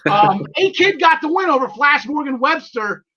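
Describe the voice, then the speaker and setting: A man hosting a wrestling podcast in an excitable, chatty way, tripping over his words and laughing between thoughts. His voice sits very high and sounds bright and forward. The audio is a bit dull and lo-fi. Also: normal speed. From half Irish. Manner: enthusiastic, laughs often, many fillers and restarts. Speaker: podcast host. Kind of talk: casual wrestling podcast chat.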